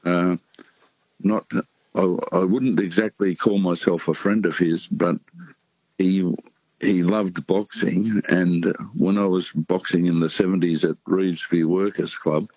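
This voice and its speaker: An older Australian man in his sixties calls in to a radio show. His voice is very deep and laid-back as he rambles with many pauses and ums, and the phone line sounds dull and muffled. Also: fairly even intonation, darkish tone, dry recording. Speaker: caller. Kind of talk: casual phone chat.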